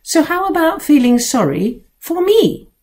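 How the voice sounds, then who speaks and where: A woman's voice: very high voice, sing-song, measured pace, darkish tone, pitched above the performer's own voice, full character voice. A woman voicing a grumpy, self-pitying male house cat who talks back with indignant sarcasm.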